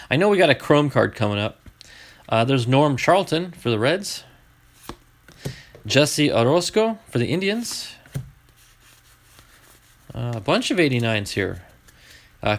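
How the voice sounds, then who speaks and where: A man opening packs of baseball cards on a live stream, chatting to viewers and getting excited over each find. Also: mid-range voice. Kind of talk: live card-opening chat.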